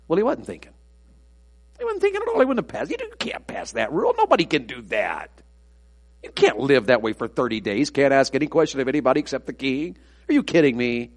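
A man preaching a sermon, swinging between loud, emphatic preaching and hushed, confiding storytelling. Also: medium pitch. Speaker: pastor.

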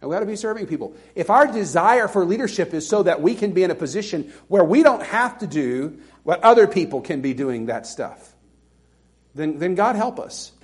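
Higher-pitched man preaching a sermon. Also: sing-song, moderate pace. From Alabama, US. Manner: conversational, self-deprecating, with laughing asides. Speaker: pastor.

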